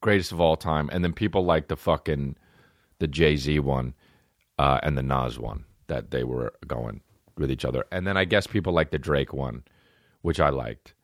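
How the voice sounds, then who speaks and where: A man's voice: a bass voice, moderate pace, dry recording, studio quality. A man hosting a podcast, ranting casually and profanely with rambling asides and mock rap lines. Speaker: podcast host. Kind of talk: casual comedic rant.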